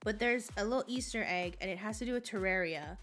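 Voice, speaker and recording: Fast-talking and fairly bright in tone, a young woman with a medium-pitched voice giggles through a farming-game livestream. She's chatty, easily distracted, and keeps the conversation casual.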